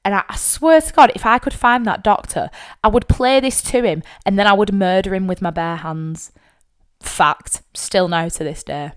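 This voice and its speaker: A woman's voice: mid-range voice, moderate pace, smooth. Blunt, sweary woman. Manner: blunt, sweary, tearful at times. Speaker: podcast host. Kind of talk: emotional personal storytelling.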